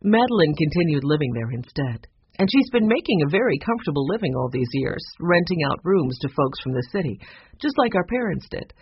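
A narrator voicing a kindly older housekeeper, gentle and worried, with a soft, fretful way of talking. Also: medium pitch, sing-song, fairly quick, slight background noise. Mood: reminiscing. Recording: dull lo-fi recording.

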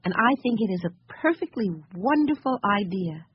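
A woman voicing a gentle, shy girl who talks softly and hesitantly, in a storybook reading. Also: mid-range voice, lively intonation, normal speed, a little hiss or hum, close to an everyday voice. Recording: slightly muffled recording.

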